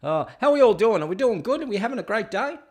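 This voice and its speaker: A man's voice: sits high, very animated, quick pace, a little mellow. A man hosting a casual live stream, chatty and joking, talking back to the clips he plays. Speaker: host.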